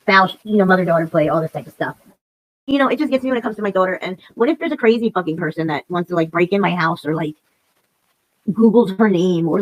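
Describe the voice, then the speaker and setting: Rapid, profane woman ranting on a livestream. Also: lowish voice, low-quality recording. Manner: profane, rambling, repeats herself. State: emotional and upset. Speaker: livestream host. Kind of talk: casual ranting livestream chat.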